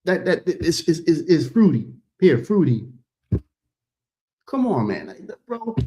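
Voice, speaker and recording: A man streaming a casual, animated reaction, stumbling over his words and calling his audience "bro.". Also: on the high side, takes it slowly.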